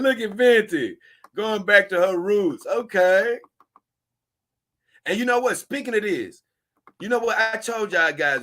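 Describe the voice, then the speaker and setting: A man's voice: on the high side, pushed and bright. A man, hosting a casual show, rambling and chuckling as he reads posts aloud to his viewers. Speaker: host.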